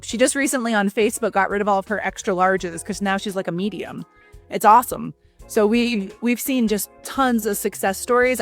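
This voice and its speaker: A woman in her forties, a guest in a casual interview, talking in a chatty, enthusiastic way with lots of fillers. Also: mid-range voice. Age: 40s. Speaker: guest, red light studio owner.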